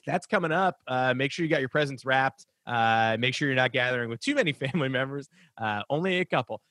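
A man's voice: medium pitch, lively intonation, a little fast, hardly any pauses, a bit bright, no echo. A man hosting a sports podcast, chatting casually in a rambling, opinionated way that interrupts itself. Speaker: podcast host.

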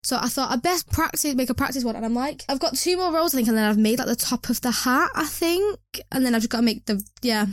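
A woman's voice: high-pitched, animated, fast talker, no echo, clean studio sound. A young woman hosting a podcast, chatting casually with rambling asides and self-mocking restarts. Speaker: podcast host. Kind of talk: casual chat.

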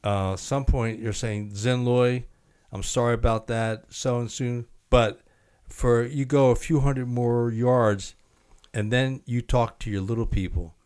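A man's voice: mid-range voice, steady tone, measured pace, darkish tone, smooth. A man hosting a podcast, prompting his guest with short questions and replies. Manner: brief back-channel replies and prompting questions. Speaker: podcast host. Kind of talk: casual interview.

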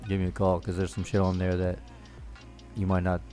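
A man's voice: low voice, completely flat delivery, a little fast, warm tone, soft background music. A man, telling stories in a casual, profane chat, often laughing as he talks.

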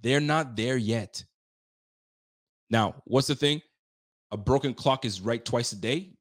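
A man's voice: medium pitch, slow. A man hosting a casual sports talk show, ranting emphatically, trash-talking and often repeating himself.

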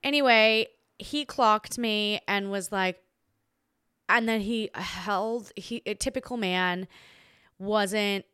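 A young woman hosting a podcast, telling a story in a chatty, animated way, full of "like"s and restarts, and jumping into playful voices for quotes. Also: slow pace, smooth, no echo, clean studio sound. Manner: chatty and animated, acts out quoted voices with big pitch jumps; filler-heavy, many "like"s and restarts. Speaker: podcast host. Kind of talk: casual storytelling monologue.

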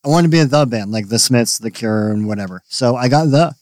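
A young adult man, a band member on a podcast, talking in a halting way with goofy asides. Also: medium pitch, darkish tone, no echo. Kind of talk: casual chat.

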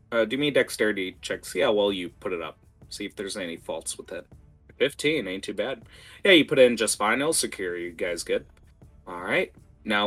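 Bright, forceful game master man. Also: on the low side. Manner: lively, rambling with fillers and asides. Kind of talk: narrating a tabletop game.

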